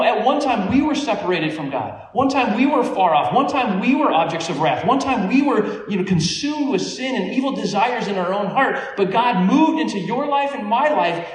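A man preaching a sermon, telling stories in a conversational, animated way with small laughs. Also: high-pitched, brisk, few pauses. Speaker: pastor. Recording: echoey room, voice from a distance.

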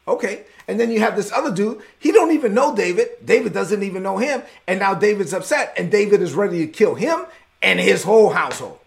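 A man preaching a sermon, retelling a story with lively slang and acted-out voices. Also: sits high, a little fast, vocal fry. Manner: animated storytelling, acts out voices, conversational slang. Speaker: pastor.

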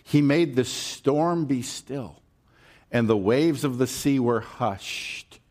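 A male preacher tells his sermon like a story, talking with his listeners rather than at them. He takes his time with a measured, unhurried pace, and his voice sits at an ordinary middle pitch until he jumps into the scenes he acts out. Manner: animated storytelling, acting out the disciples' panic in a high voice; conversational, checks in with the crowd.

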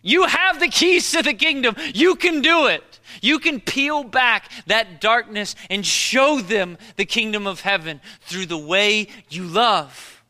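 A man preaching a sermon as a pastor, moving between loud, repeated exhortations and hushed, quiet storytelling. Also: sits high, lively intonation, slow, hardly any pauses. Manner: repetitive preaching cadence.

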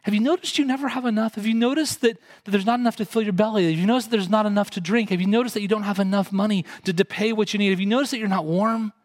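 Earnest man preaching, fairly high voice. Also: fairly even intonation, racing, few pauses, no room sound. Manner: earnest, asks the congregation direct questions. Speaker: pastor. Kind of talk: sermon.

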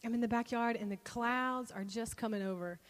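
A woman with a fairly high voice preaches, her story rising into animated bursts of excitement. The sound carries a long reverb, as if from a large hall. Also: fairly quick. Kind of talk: sermon storytelling.

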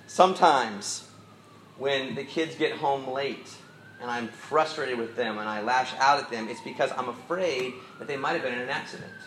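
A man's voice: on the high side, a bit bright, roomy sound, a little hiss or hum, poor audio. A middle-aged man preaching a sermon in an easygoing, storytelling way with self-deprecating asides. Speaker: pastor.

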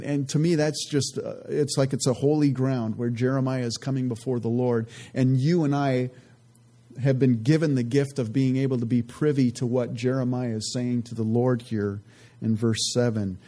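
A man teaches from scripture in an earnest, easygoing way, with frequent conversational asides. His voice sits at a middle pitch with a warm, mellow tone. He slows down deliberately when reading verses aloud. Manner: earnest, relaxed, many "you know" asides. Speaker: Bible teacher.

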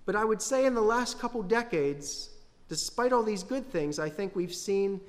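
Man, preaching, asks the congregation questions, high-pitched, echoing hall. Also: animated, moderate pace. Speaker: pastor. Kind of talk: sermon. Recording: long hall reverb.

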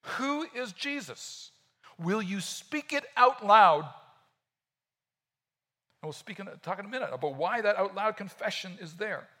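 A man preaching a sermon in a conversational, animated way, often acting out quotes. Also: high-pitched, moderate pace, pauses often. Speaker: pastor.

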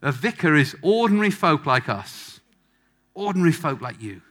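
A male preacher with a raised, lively voice that swoops up and down. His tone is bright and forceful, and he hammers his points home by repeating phrases. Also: on the high side, moderate pace. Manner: emphatic, repeats phrases for effect. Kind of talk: sermon. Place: church hall with a live congregation.

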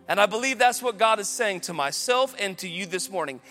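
A man pastor preaching a lively sermon, building to loud emphatic peaks. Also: high voice, normal speed, few pauses, faint music behind.

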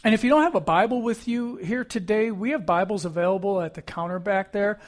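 A man's voice: high-pitched, fairly quick. A middle-aged man preaching a sermon as pastor, earnest and emphatic, repeating key phrases.

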